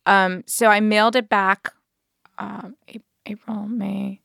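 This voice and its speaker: A woman telling a story to podcast hosts in a casual, animated way, laughing as she goes and acting out what people said. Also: medium pitch, takes it slowly, vocal fry, no echo, clean studio sound. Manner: animated, laughs while telling, acts out quotes.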